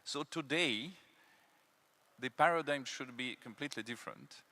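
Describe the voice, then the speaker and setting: A man gives an emphatic conference panel talk, leaning on key words and filling pauses with "um" and "uh". His voice is bright and forceful, at a middle pitch for a man. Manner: emphatic, repeats key words, many fillers. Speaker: panelist, city development consultant. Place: conference hall.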